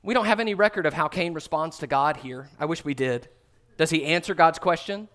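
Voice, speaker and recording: A man delivers a sermon in a fairly high voice. He talks earnestly to his listeners. For emphasis he sinks to a hushed, soft tone. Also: brisk. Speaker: pastor.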